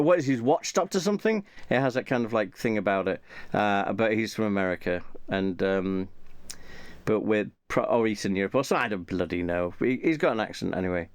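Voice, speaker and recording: A man's voice: mid-range voice, no room sound. A man chatting casually and rambling, with many fillers and restarts. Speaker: channel host.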